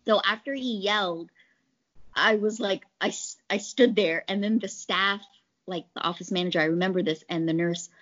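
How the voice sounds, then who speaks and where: Woman guest, mid-pitched, lively storyteller, slightly dull lo-fi sound. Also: normal speed. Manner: chatty, animated retelling with quoted voices. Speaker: pharmaceutical sales rep. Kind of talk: conversational interview storytelling.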